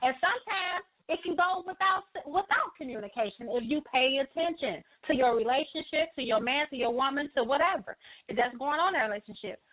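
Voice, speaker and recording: A high-voiced woman with a lively, swooping delivery cuts in bluntly and teases her co-host on a call-in relationship podcast. She comes through thin and phone-like. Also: fairly quick. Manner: blunt, teasing. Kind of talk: casual radio talk. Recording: phone-like call-in radio audio.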